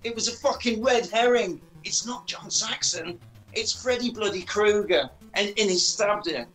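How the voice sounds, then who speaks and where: A man with a high, bright voice recaps a film in a casual, comic way. He talks animatedly and swears freely. He keeps slipping into silly voices for the characters, over a bed of faint music. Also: moderate pace, poor audio. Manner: animated, sweary, acts out lines in funny voices. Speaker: podcast host recapping a film.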